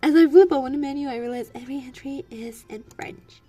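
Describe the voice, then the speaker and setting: Young woman streamer, mellow tone, playful giggly reads of game text, faint music under the voice. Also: sits high, a little fast. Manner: playful, giggly, switches between reading and reactions. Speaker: gameplay streamer. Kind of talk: reading a dating sim aloud with commentary.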